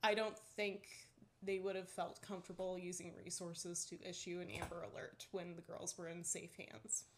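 A woman's voice: fairly low pitch, level tone, moderate pace, slight background noise. A young woman co-hosting a podcast in casual chat, dry-mouthed from just waking up, talking with lots of "like" fillers and easy laughs. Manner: chatty, many "like" fillers, laughs often. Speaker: podcast co-host.

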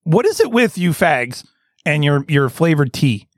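Man, radio host, high lively voice, brash mocking banter, dry close mic. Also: a little slow, no room sound. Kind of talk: crude hot-talk radio banter.

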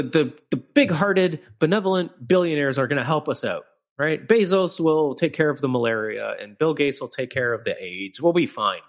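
Man, podcast host, ranting, profane, emphatic, casual chat. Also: mid-range voice.

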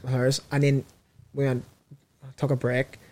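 A man's voice: mid-range voice, monotone, moderate pace, darkish tone. A Northern Irish man telling rambling stories in a casual chat about comedy, with many restarts.

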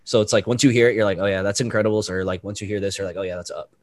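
A man who teaches young children, chatting casually and halting often to repeat words. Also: lowish voice, steady tone, no room sound. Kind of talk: casual chat.

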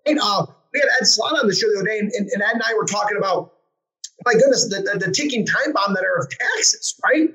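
Eager male show host, high-pitched and rapid, full of fillers. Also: pushed and bright, rough recording. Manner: enthusiastic, filler-heavy, restarts, asks long questions. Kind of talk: interview hosting.

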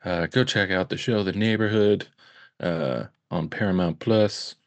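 Man, podcast co-host, low pitch, gravelly, joking deadpan asides, dry sound. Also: a little slow, no echo. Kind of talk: casual podcast chat.

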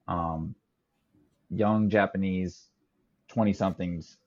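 A man's voice: sits low, steady tone, slow pace, a little mellow, lo-fi sound. A man co-hosting a casual podcast chat, easygoing and hesitant, with many ums and restarts. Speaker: podcast co-host.

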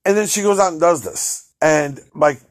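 A man's voice: fairly high pitch, animated, normal speed. A middle-aged man hosting a solo podcast, ranting in a profane, exasperated way and laughing in disbelief. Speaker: podcast host.

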